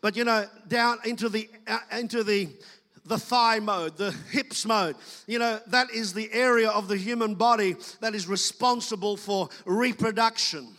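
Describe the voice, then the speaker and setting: A man's voice: sits high, fairly even intonation, moderate pace, pushed and bright, long reverb tail. A man preaching a sermon as pastor, talking to the congregation in a loose, conversational way and acting out quoted voices.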